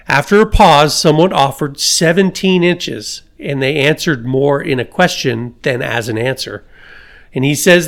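A man's voice: fairly high pitch, lively intonation, moderate pace. A man hosting a podcast, reading a story aloud with his own asides and chuckles. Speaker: podcast host.

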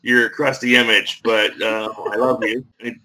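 A man's voice: medium pitch, flat delivery, measured pace, low-quality recording. A man from Northern Ireland with a faint Irish accent, telling stories with wry humor as a guest in a casual interview. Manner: warm storytelling, wry humor. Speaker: podcast guest.

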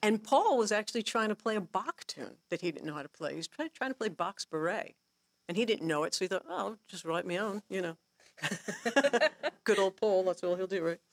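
A woman guest teaching songwriting in a casual workshop talk, animated and laughing often, acting out her own inner thoughts as she tells stories. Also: mid-range voice, a little fast, no room sound, clean studio sound. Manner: laughs often while explaining.

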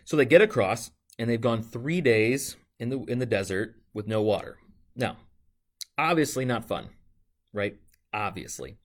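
A man's voice: medium pitch, expressive, a little slow. A man preaching a sermon in a conversational way, often asking "right?" and acting out complaints in a mocking voice. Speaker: pastor.

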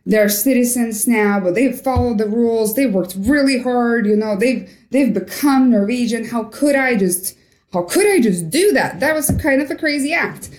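A young woman from Norway recounts a personal story as a guest, slipping into the voices of the people she quotes. Her voice sits a little high. The recording has a noticeable roomy echo. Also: moderate pace. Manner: animated storyteller, acts out quoted dialogue. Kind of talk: storytelling interview.

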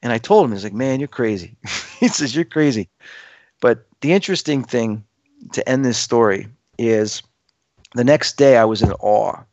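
A man's voice: medium pitch, moderate pace, no room sound. A man telling a dramatic personal story to listeners, acting out the quoted voices as he goes. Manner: acts out quoted voices, lively and emphatic.

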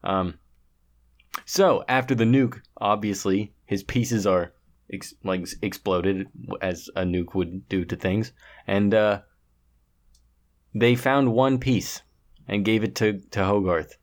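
Low-voiced man retelling a film plot. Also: steady tone, slow pace. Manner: rambling, laughs between lines. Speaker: podcast co-host. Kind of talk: casual chat recapping a film.

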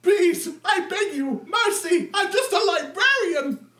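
A man voicing a terrified male librarian who shouts high, shrill pleas for mercy. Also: expressive, takes it slowly, roomy sound, recorded from a distance, exaggerated voice. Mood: panicked.

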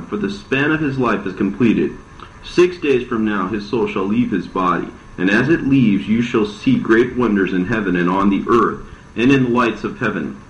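Solemn archangel messenger, a man reading, low and measured. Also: slight background noise, close to an everyday voice. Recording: roomy dull lo-fi recording.

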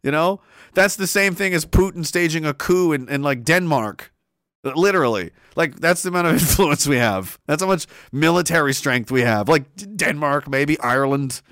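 Young man, profane sarcastic ranter, high-pitched and bright. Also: normal speed, dry recording. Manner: sarcastic, profane, exasperated, laughs a lot. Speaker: commentator. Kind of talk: ranting comedic commentary.

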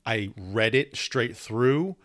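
A man co-hosting a podcast chats casually in an animated, slightly bright voice of medium pitch, speaking at a slow pace. He's playful and rambling, often restarting his sentences.

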